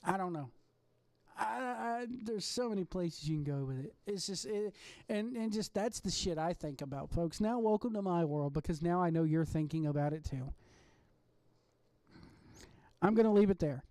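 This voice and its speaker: A podcast host giving a casual, rambling rant at home late at night, excitable and swearing freely. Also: mid-range voice, moderate pace, no echo. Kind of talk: casual ranting monologue.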